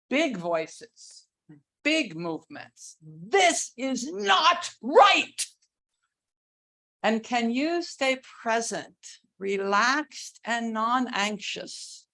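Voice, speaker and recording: A woman giving a keynote talk on religious education, earnest and deliberate, stretching words for emphasis. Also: high voice, fairly bright tone. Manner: earnest, slow, with drawn-out emphasis; sings and acts out cries while teaching. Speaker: keynote speaker.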